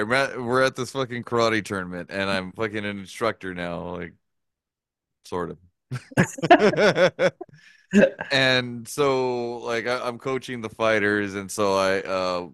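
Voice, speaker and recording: Smooth-voiced swearing storyteller man. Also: on the low side, fairly bright tone, no room sound, studio quality. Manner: profane, laughing, rambling anecdotes. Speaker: podcast co-host. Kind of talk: casual storytelling chat.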